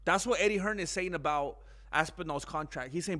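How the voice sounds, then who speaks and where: A man's voice: on the high side, a little fast, pushed and bright. A man hosting a casual combat sports news vlog, rambling and slangy, calling his viewers "bro". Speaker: channel host.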